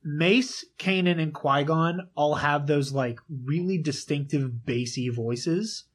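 A man talking in a casual group chat, animated and swearing freely as he retells stories and reads out lines. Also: on the high side, slow pace. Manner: animated, swearing, quotes lines in dramatic voices.

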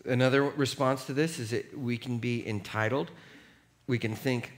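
A middle-aged male pastor, medium in pitch and speaking at normal speed, preaches an animated sermon peppered with jokes. He laughs at himself and asks the congregation to read along aloud.

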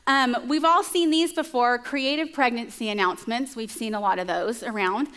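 Chatty woman preacher with a higher voice. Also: normal speed, fairly bright tone, clean tone. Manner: chatty and storytelling, with asides to the listeners. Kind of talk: conversational sermon.

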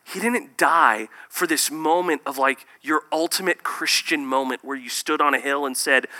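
A man preaching a sermon, swinging between loud emphatic bursts and hushed, near-whispered lines. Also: on the high side, normal speed. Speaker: pastor.

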